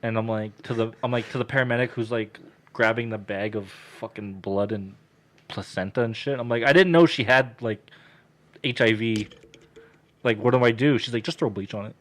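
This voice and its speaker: A young man tells a story on a podcast in loose, casual chat. He swears constantly and jumps into loud, animated voices for the people in his tale. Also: mid-range voice, moderate pace. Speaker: podcast co-host telling a story.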